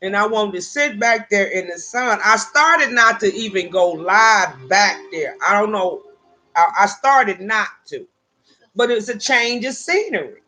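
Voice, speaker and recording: A woman hosting a casual live stream from her porch, talking in an animated, exasperated, rambling way with lots of swearing. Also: mid-range voice, unhurried. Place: outdoors on a porch.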